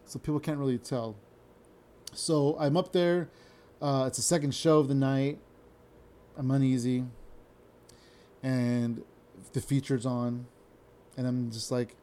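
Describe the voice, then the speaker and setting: A man's voice: medium pitch, steady tone, a little slow, long pauses, mellow. A young adult man hosting a podcast, telling a rambling, self-interrupting story with casual swearing. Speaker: podcast host.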